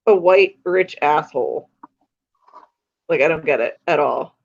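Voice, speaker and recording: A woman's voice: low voice, unhurried, gravelly. A woman chatting casually and speaking her mind, often breaking into laughter. Her voice comes through a slightly dull, lo-fi recording. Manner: outspoken, laughs easily. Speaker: friend in the chat. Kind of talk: casual chat.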